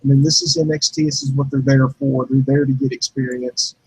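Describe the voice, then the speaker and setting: A man co-hosting a wrestling review show, calmly arguing back with lots of fillers. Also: mid-range voice, fairly quick, vocal fry, breathy edge, poor audio. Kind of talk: casual debate.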